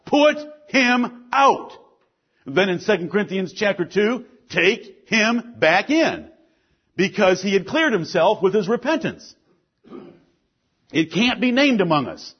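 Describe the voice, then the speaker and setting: A male pastor preaches a sermon with a husky, fairly high voice. He leans hard on key phrases and at times drops to a low, quiet delivery. The recording is dull and lo-fi. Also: big pitch swings, unhurried. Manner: preaching with rising emphasis, then dropping to a low, quiet delivery.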